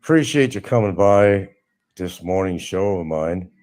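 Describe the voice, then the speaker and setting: A man's voice: sits low, animated, measured pace, darkish tone. A middle-aged man hosting a live stream, talking casually and mocking someone with sarcasm. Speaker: livestream host. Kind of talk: casual livestream monologue.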